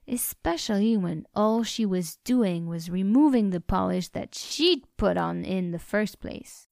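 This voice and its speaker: A woman narrating a story aloud in an even, measured reading style. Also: mid-range voice. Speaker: audiobook narrator.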